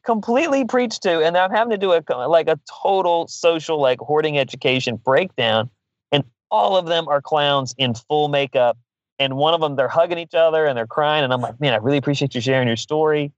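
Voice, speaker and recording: A man's voice: a little high, expressive, moderate pace, dry recording, lo-fi sound. A man telling a long funny story in casual chat, swearing freely and laughing often. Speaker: podcast guest.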